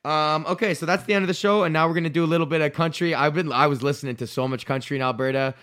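A man's voice: fairly high pitch, fairly even intonation, racing, a bit bright. Rambling, swearing male podcast host. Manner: rambling, profane, loose and self-correcting. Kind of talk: casual solo podcast rant.

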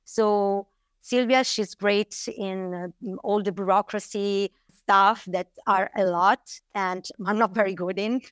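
A woman's voice: mid-range voice, steady tone, slow pace, clean tone, no echo, studio quality. An Italian woman with an Italian accent, a winery co-owner chatting casually as an interview guest, laughing often and restarting words. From Italy.

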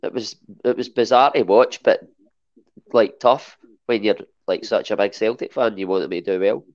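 A man's voice: lowish voice, moderate pace, dull audio. A Scottish man chatting as a podcast guest, hesitant and full of restarts. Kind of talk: casual chat.

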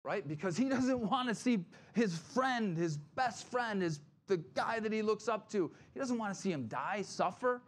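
A male pastor preaching a sermon in a conversational way, often checking in with "right?" and acting out Bible figures in quick quoted lines. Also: sits high, lively intonation.

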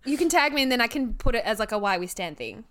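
A giggly woman co-host chatting casually with friends on a podcast. Her voice sits a bit high and swings widely in pitch as she talks. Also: expressive, fast talker, fairly bright tone. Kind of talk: casual chat.

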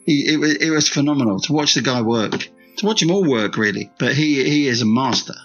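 A man's voice: medium pitch, lively intonation, a little fast, fairly bright tone, muffled recording, soft background music. A man, an author and screenwriter, tells stories in an interview, rambling through restarts and fillers and repeating his praise. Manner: rambling, with many restarts and "you know" fillers; enthusiastic, repeating words of praise. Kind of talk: candid interview storytelling.

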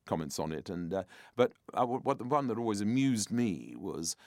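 An older man with a very low voice speaks frankly about his work as an interview guest, pausing to reflect and telling anecdotes. He is recorded close and dry, with no room sound. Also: very animated, darkish tone, no room sound. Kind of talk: conversational interview.

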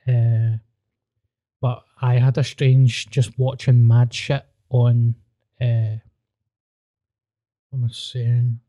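A man's voice: medium pitch, completely flat delivery, extremely slow, long pauses, dark tone, dry recording. A Glaswegian man in his thirties, hosting a podcast with sweary, rambling storytelling in casual chat. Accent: Scottish, Glasgow. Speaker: podcast host.

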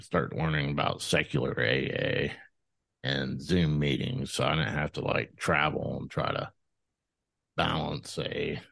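A man in his thirties, a podcast guest telling his story in a rambling, profane, animated way, with many restarts. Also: rumbling low, creaky, no room sound. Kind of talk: casual storytelling interview.

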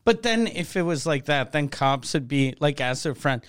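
A man co-hosting a comedy podcast who tells stories in an animated way and acts out the quotes. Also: a little high, normal speed, clean tone. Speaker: podcast co-host. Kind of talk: casual comedic podcast chat.

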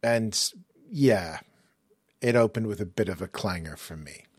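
A man's voice: fairly low pitch, unhurried, slightly rough, no room sound, studio quality. Chatty English man hosting a podcast. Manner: chatty, self-mocking, upbeat. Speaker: podcast host. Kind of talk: casual interview chat. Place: museum collections hangar.

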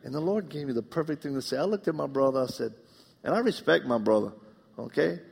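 A middle-aged man preaching a live sermon, animated and joking, acting out the voices in his stories. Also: mid-range voice, fast, gravelly, breathy edge. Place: church auditorium. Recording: long reverb of a large hall.

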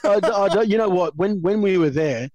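A man's voice: high-pitched, lively intonation, fairly quick, a little mellow, no room sound, dull audio. An Australian man in his thirties, a former rugby league player telling rambling stories in an interview, chatty and laughing often. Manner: rambling, chatty storyteller who laughs often, lots of "you know" and "um". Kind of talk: relaxed anecdotal interview.

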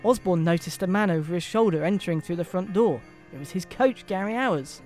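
An English man with a high-pitched voice reads a comic Christmas story aloud on a podcast. He leans into the drama and plays each character's voice. Soft music sits behind him. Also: fairly quick. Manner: reads dramatically, breaking off into laughter and asides.

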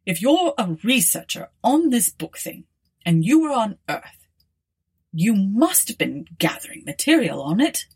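A woman voicing a flustered, indignant young man in an audiobook, with excitable high-pitched outbursts. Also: unhurried, husky, full character voice. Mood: urgent. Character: flustered, indignant young Englishman, easily panicked.

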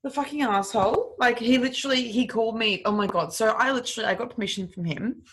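A woman's voice: on the high side, fast talker. A young woman hosting a podcast, chatting candidly and animatedly, full of fillers and swearing. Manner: animated storytelling, heavy filler words, swearing. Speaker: podcast host. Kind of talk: candid casual chat.

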